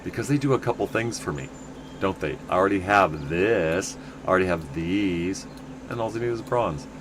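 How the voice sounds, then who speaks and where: A man's voice: low voice, expressive, normal speed, noisy background. A middle-aged man from the United States, chatting in a rambling, casual way while streaming a game. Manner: rambling, chatty, many restarts.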